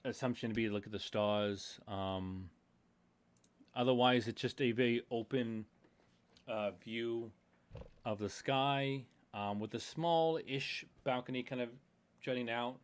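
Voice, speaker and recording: A man's voice: mid-range voice, a little slow, clear, resonant tone. A man running a tabletop horror game as game master, describing scenes in a rambling way full of fillers.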